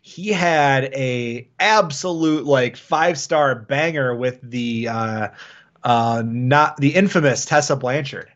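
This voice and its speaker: A man's voice: medium pitch, takes it slowly, a bit bright. Male podcast co-host, casual and jokey, dull lo-fi recording. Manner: jokey, riffing, does goofy bits. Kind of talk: casual wrestling podcast chat.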